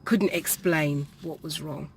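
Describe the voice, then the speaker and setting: Low-voiced woman telling her story. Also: fairly even intonation. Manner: halting, with pauses and restarts. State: perspiring. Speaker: vlogger. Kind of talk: personal storytelling vlog. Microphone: camera facing her.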